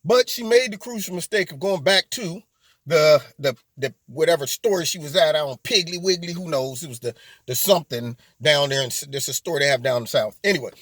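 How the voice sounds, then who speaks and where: Mocking, high-voiced male commentator. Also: a little fast, fairly bright tone, dry recording. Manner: mocking, emphatic, rambling asides. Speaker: host of a political commentary channel. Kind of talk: political commentary monologue.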